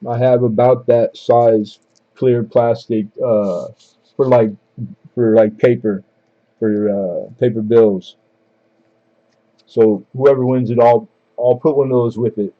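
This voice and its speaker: A man's voice: mid-range voice, steady tone, slow pace, long pauses, dull audio. A man hosting a live coin auction stream, calling bids in a casual, joking, chatty way.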